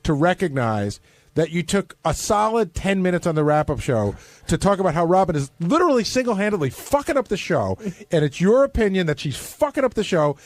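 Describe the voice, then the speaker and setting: Fast-talking, needling man with a high voice. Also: very animated. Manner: pressing, blunt and needling. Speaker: radio show staffer. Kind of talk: heated on-air argument.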